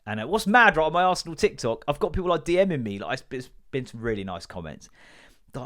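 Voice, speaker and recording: A man's voice: medium pitch, fast talker. A man, telling stories in a sweary solo comedy podcast rant and acting out the people he quotes. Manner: sweary, animated storytelling with acted quotes. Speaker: podcast host.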